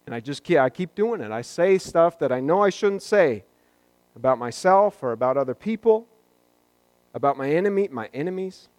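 Man, pastor, sermon, conversational, joking asides, slightly high voice, dry close sound. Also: animated, normal speed, darkish tone, no room sound.

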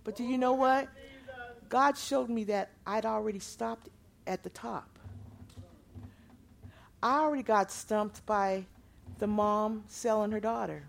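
A woman preaching a sermon, moving from loud proclaiming to quiet storytelling. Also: mid-range voice, slow, vocal fry, pauses often.

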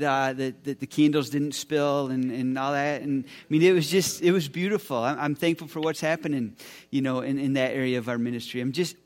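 A man in his forties, a pastor speaking to his church, enthusiastic and often repeating words as he talks. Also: medium pitch. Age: 40s. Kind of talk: church sermon talk. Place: church sanctuary.

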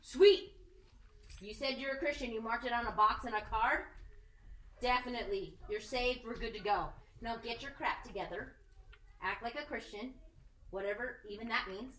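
A woman giving a casual, animated sermon, joking and acting out the people she quotes. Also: on the high side, normal speed, a little hiss or hum. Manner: animated, jokey, acts out quoted voices. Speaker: preacher. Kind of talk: conversational sermon. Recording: echoey room, mic at a distance.

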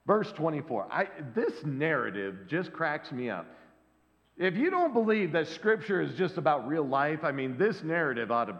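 Pastor guy preaching, acts out the bible characters, fairly high voice, big reverby hall. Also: moderate pace. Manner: lively, acts out the voices in the story. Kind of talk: sermon. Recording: dull lo-fi sound with long hall reverb.

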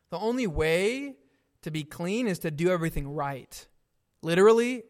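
Slow, high-voiced preaching man. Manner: earnest, deliberate preaching with emphatic questions. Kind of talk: sermon.

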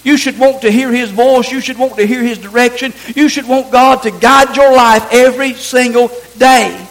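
A male pastor with a strikingly high voice delivers a sermon. He speaks earnestly and with emphasis, repeating phrases to press each point home. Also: fairly even intonation, normal speed, creaky, few pauses, fairly bright tone, rough recording. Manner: earnest, emphatic preaching with repetition.

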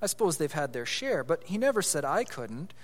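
A man's voice: a little high, sing-song, brisk, in a large hall. A man voicing an earnest, solemn and slightly bossy schoolboy in a read-aloud story.

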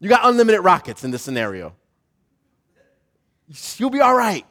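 A gruff, commanding Marine sergeant, as a preacher puts him on, barking orders in a high, raised voice. He brushes off excuses and tells his recruit to get moving. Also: wildly swooping pitch, normal speed, a bit bright, heavily acted. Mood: reassuring.

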